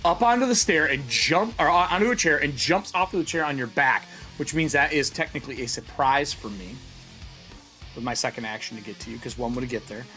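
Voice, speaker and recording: A man's voice: medium pitch, fairly quick, pushed and bright, faint music behind. A man narrating as game master of a tabletop role-playing game, casual and laughing often.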